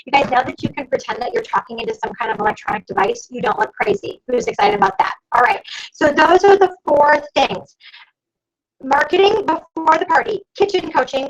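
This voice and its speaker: A woman coaching her sales team over a video call, talking fast and exclaiming often as she calls out to her listeners. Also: high-pitched. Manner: fast, animated, exclamatory, addresses listeners as "you guys". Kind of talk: energetic sales training talk. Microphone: computer mic on a video call. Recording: dull lo-fi video call audio.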